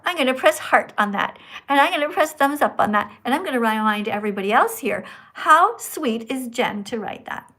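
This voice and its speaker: A woman's voice: on the high side, animated, brisk, bright, forceful tone. Scolding schoolteacher-like woman host. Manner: says her own voice is annoying. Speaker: livestream host. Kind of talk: live-stream chat with callers.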